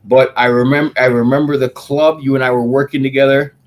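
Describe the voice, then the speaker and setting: Laughing, energetic male radio co-host. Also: mid-range voice, brisk. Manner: laughs often, energetic reminiscing. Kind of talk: casual radio chat. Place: radio studio.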